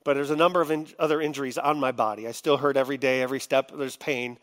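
A middle-aged man preaching a sermon, heartfelt, moving between quiet confiding and loud, impassioned venting. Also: mid-range voice, steady tone, quick pace. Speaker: pastor.

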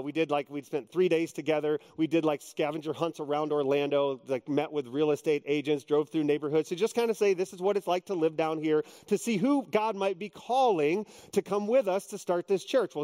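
A middle-aged man preaching a sermon as pastor, earnest and animated, moving between quiet reflection and emphatic exhortation. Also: fairly high pitch.

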